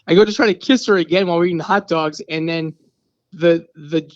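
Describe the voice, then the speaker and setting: A man, an actor guest on a radio interview, telling an animated story and acting out the scene's lines. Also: on the high side, brisk, lo-fi sound.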